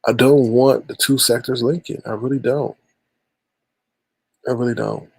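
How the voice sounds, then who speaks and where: Gravelly husky man hosting a livestream. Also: mid-range voice, fairly even intonation, a little slow, a little mellow, no room sound. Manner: repeats phrases, addresses chat and callers by name. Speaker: livestream host. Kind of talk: casual livestream chat with callers.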